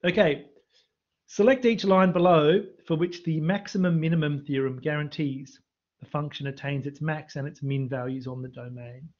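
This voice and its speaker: Teaching maths revision on a live stream, a university lecturer quizzes the students watching in the chat. He speaks at a normal speed in a fairly high, slightly mellow voice, and the computer mic leaves the recording muffled.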